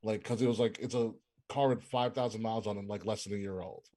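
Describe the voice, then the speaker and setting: A man's voice: on the low side, steady tone, fast, dark tone. A man, co-hosting a podcast and telling a casual story with lots of fillers. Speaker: podcast co-host. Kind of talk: casual chat.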